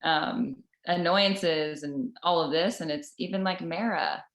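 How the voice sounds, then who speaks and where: A woman sharing a personal spiritual story with a group, earnest and halting, with many restarts. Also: on the low side. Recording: roomy echoing room.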